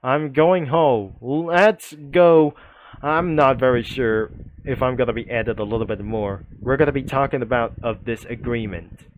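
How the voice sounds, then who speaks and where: A man's voice: mid-range voice, normal speed, narrow, tinny audio, a little hiss or hum. A man narrating a comic story in a rambling, repetitive way.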